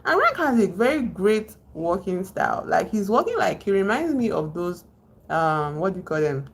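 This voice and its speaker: A woman's voice: medium pitch, sing-song, moderate pace, creaky, slightly rough. A woman live streamer casually recapping a movie, chatting along and stopping to greet viewers in the chat.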